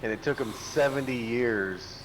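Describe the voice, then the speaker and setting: A man co-hosting a casual chat, recounting memories in an unhurried way. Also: medium pitch. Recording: noisy background.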